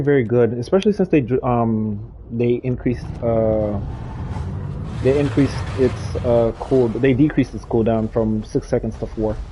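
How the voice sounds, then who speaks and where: A man's voice: mid-range voice, warm tone, breathy edge. A man livestreaming a dinosaur game, chatting casually with viewers and teammates as he plays. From not from the countryside. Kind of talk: casual gaming commentary.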